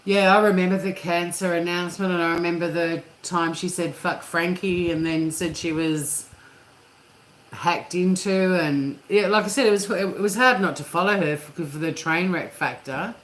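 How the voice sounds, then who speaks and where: A woman's voice: on the low side, moderate pace. A woman hosting a casual live chat with viewers, talking candidly and swearing freely. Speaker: livestream host. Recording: echoey room with faint hum.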